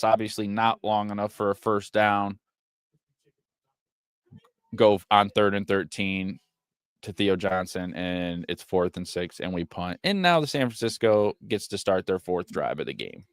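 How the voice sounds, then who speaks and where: A man streaming a watch party, giving casual play-by-play commentary that turns excitable and profane when frustrated. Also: lowish voice, clear, resonant tone, no room sound. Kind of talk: casual live game commentary.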